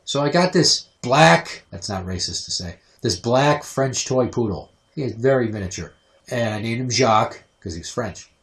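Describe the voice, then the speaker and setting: A young man hosting a podcast, telling crude, sarcastic stories full of swearing and sometimes mimicking his mother in a shrill voice. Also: expressive, moderate pace, fairly bright tone. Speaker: podcast host. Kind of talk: crude comedic storytelling.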